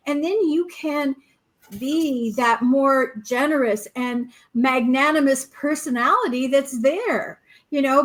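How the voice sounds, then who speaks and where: High-voiced, upbeat woman reading cards. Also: poor audio. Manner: encouraging, animated, acts out little quotes. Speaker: co-host reading oracle cards. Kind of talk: casual spiritual podcast chat.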